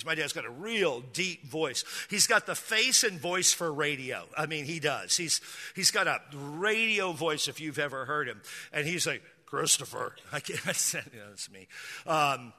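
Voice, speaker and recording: A man's voice: a little high, bright, forceful tone. A man in his thirties, a pastor preaching a sermon, telling stories casually with humor and frequent restarts. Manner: conversational storytelling with humor and repeated restarts. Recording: echoey hall with long reverb.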